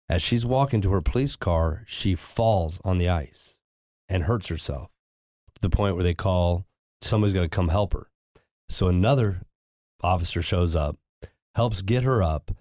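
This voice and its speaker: Very deep, dark-toned man, halting anecdote teller, dry close sound. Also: no room sound. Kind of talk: casual chat.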